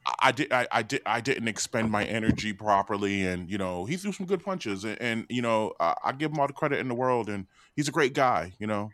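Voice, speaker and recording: Lively low-voiced man joking around. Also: brisk, no echo. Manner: joking, swears freely, slangy. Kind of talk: casual chat.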